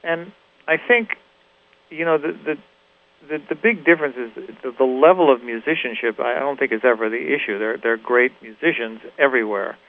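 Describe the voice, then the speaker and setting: A man from Los Angeles, a musician guest, reflecting in a halting way with frequent restarts and "you know". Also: medium pitch. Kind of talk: reflective interview talk. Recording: tinny phone-like radio recording.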